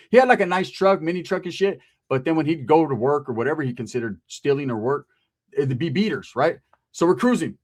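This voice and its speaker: A man telling a profane comic story about his past, acting out the people in it. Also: fairly high pitch.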